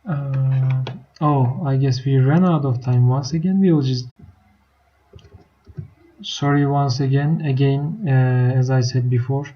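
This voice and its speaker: Speaking at a slow pace in a deep, rumbling voice, a woman leads a live online math class, explaining things step by step and making sure her students are following. It comes through as dull, lo-fi stream audio.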